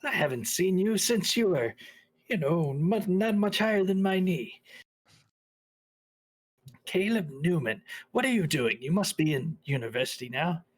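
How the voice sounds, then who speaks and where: A man's voice: high voice, animated, unhurried, voice pushed up. Freyla, shrewd older restaurateur, a man's put-on voice. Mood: gracious. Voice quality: raised, airy put-on voice. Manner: gracious, knowing, slightly theatrical. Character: refined older woman restaurant owner, shrewd. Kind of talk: tabletop role-play.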